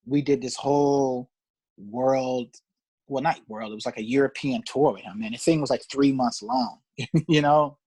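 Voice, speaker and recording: A man's voice: mid-range voice, normal speed, slightly rough, no echo. A man, a guest musician, telling stories in a casual interview, laughing and acting out the voices of people he quotes. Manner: animated, laughing storyteller who acts out quoted voices. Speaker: guest musician, pedal steel player.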